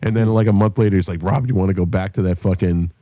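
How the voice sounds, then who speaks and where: Brief: man, low-ish voice, foul-mouthed animated storyteller, dry close mic. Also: quick pace, no room sound. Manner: profane, animated storyteller who shouts when quoting others. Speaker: podcast host. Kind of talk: casual storytelling chat.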